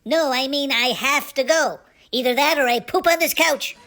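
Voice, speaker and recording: A man's voice: extremely high pitch, moderate pace, background noise, pitched above the performer's own voice. A man voicing a sassy, wisecracking male Pomeranian dog who complains bluntly in a comic sketch.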